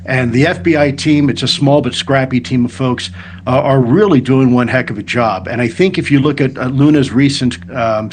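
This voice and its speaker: A man speaking as a guest in a TV news interview, measured and formal. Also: mid-range voice, a little hiss or hum.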